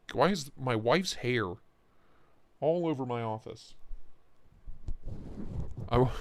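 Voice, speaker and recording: A young man hosting a casual knife livestream from his home office, excitable and joking as he reacts to chat. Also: medium pitch. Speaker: livestream host reviewing knives. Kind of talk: casual live-stream chat.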